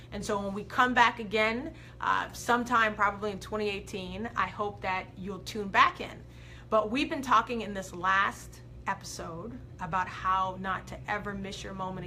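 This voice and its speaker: A woman hosting a live inspirational video, preaching with big swings from loud to soft and reading viewer comments aloud. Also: medium pitch, a little hiss or hum. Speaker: host of a live faith and life coaching show.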